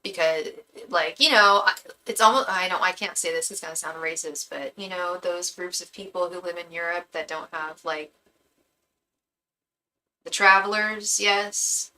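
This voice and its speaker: A young woman reads tarot live in a loose, slangy chat, her voice bright and forward. She rattles off repeated invocations quickly, with a faint hiss of noise behind her. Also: lowish voice, rough recording. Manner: chatty, slangy, repeats fast invocations to spirit guides. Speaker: tarot reader and psychic medium. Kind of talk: casual live-stream chat and tarot reading.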